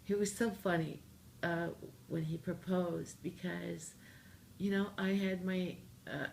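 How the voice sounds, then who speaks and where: A Canadian singer-songwriter, appearing as an interview guest, tells a funny story in a casual storytelling interview. Her voice is gravelly and fairly low, her pace slow, and she's animated and jokey, acting out her own lines. Slight background noise is present.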